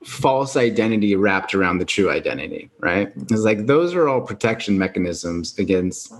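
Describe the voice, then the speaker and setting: A man hosts a conversational podcast interview, reflective and thoughtful as he sums up what his guest says. His voice is lowish and animated, at a normal speed.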